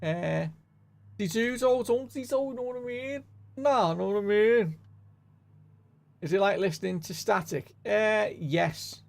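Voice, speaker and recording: A gravelly, high-pitched male voice, a bit slow and full of frequent pauses, carries a mild Merseyside accent from northwest England. The man rambles chattily as he runs a sim racing live stream, leaning on "know what I mean" again and again, with game music playing in the background.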